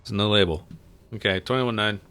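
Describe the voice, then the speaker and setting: A man's voice: on the low side, a little fast, bright, forceful tone. A man hosting a casual livestream, chatting and telling stories with a joking manner while he flies. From United States. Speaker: livestream host and pilot.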